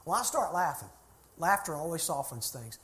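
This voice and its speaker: A man's voice: on the high side, very animated, moderate pace, fairly bright tone. A middle-aged man, a church consultant telling a folksy, chatty story to a group. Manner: folksy, chatty anecdotes with laughter.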